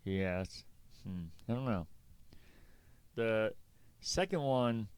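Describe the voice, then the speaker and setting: A man with a lowish, smooth, clean voice talking games in a relaxed podcast. He rambles through his opinions easily, recorded close and dry. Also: slow pace, no echo. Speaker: podcast co-host. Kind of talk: casual gaming podcast chat.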